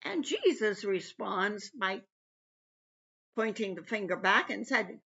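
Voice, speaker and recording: A woman's voice: medium pitch, sing-song, takes it slowly, gravelly, sharp tone, slightly rough. A woman giving an earnest personal devotional talk, retelling scripture. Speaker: devotional speaker. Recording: dull lo-fi recording.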